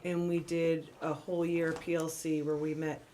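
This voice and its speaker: A woman with a low voice answers questions at a school board meeting, explaining curriculum and training. She speaks in an informative, matter-of-fact way, with faint background noise. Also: little pitch movement, moderate pace, mellow. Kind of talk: meeting discussion.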